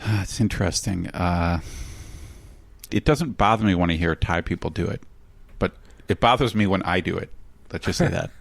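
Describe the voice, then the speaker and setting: A man with a low, grounded voice chats as a podcast co-host. He tells stories with energy and slips into other people's voices. The recording is close and dry, with almost no room around it. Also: moderate pace, creaky, no room sound. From United States. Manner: animated storyteller, imitates others' voices. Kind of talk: casual conversational podcast chat.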